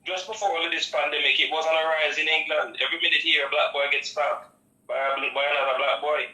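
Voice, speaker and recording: A man's voice: on the high side, steady tone, quick pace, pushed and bright. A man calling in to a talk show, earnest and preachy, repeating his points. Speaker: caller. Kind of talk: phone-in call. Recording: roomy distant phone line.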